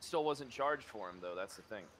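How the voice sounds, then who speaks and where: A man's voice: lowish voice, lively intonation, normal speed, a bit bright, slight background noise. A man talking in character over voice chat, rambling and restarting his sentences as he explains his case. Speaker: roleplay character under investigation.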